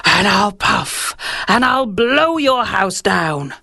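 A woman voicing a big bad male wolf in a storybook, drawing out his threats slowly and lowering her voice. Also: expressive, vocal fry, sharp tone, no echo, studio quality, exaggerated voice. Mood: menacing. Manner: slow, drawn-out threats.

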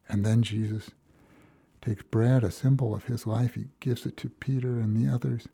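A man's voice: mid-range voice, little pitch movement, normal speed, gravelly, dark tone, husky, dry recording. A man from Minnesota preaching a reflective, storytelling sermon as a pastor, acting out the quoted lines.

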